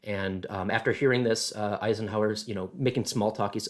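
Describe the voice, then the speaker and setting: A man presenting a casual history talk, halting and thinking aloud with many fillers. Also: fairly low pitch.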